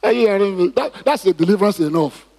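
Husky preacher man. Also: high-pitched, lively intonation, fast, warm tone. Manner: preaching with call-and-response questions. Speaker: pastor. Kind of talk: sermon. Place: church. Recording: reverberant hall.

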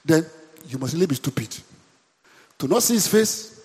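A man's voice: on the high side, very animated, moderate pace, darkish tone, breathy edge. A man preaching a sermon as pastor, calling out questions to his congregation and urging them to answer back. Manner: call-and-response preaching, repeated questions to the congregation. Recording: long hall reverb.

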